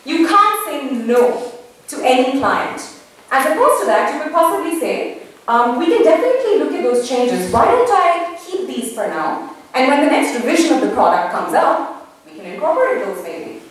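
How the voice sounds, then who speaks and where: A woman gives a lively conference talk with a high voice that swings up and down. She acts out the examples she quotes. She is heard from afar in a very echoey hall with faint room noise behind her. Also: moderate pace, far from the mic. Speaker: panel speaker.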